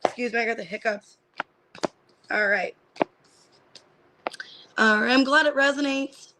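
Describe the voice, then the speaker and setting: A woman giving a casual live-streamed tarot reading. She names the cards one by one and thinks out loud as she reads them, with lots of fillers. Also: a little high, quick pace, background noise. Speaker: tarot reader.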